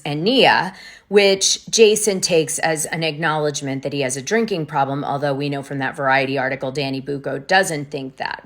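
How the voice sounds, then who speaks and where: Female gossip host, casual recap, low voice with a bright, forceful edge. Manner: chatty, gossipy, quick asides.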